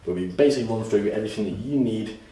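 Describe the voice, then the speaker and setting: A man giving an energetic, salesy course pitch at a whiteboard, often repeating himself. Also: racing. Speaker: course presenter. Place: room with a whiteboard. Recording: echoey room, distant mic, faint hiss.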